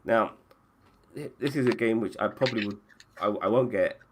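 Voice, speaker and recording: Deep-voiced man hosting a casual chat. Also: normal speed, a little hiss or hum. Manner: casual, swears freely, restarts sentences. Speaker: podcast host. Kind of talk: casual chat about games.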